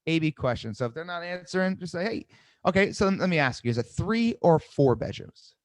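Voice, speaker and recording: A man coaching a live sales webinar, seated, energetic, repeating key phrases and asking "right?" often. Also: a little high, fairly quick, no echo. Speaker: sales trainer. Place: seated indoors at a desk.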